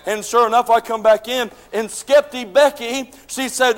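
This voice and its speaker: A man preaching a sermon, telling folksy stories and building to shouted preaching. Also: very high voice, steady tone, moderate pace, hardly any pauses, in a large hall. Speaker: pastor. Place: church sanctuary.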